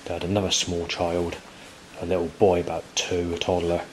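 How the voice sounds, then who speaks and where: Low-voiced man in his forties, rambling. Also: monotone, moderate pace, a little mellow, a little hiss or hum, low-quality recording. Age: 40s. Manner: rambling, repetitive, with frequent restarts. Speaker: vlogger. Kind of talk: rambling monologue to camera.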